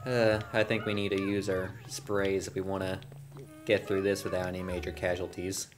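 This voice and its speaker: Low-voiced man playing a game. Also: level tone, normal speed, music in the background. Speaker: let's play player. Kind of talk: casual gaming commentary.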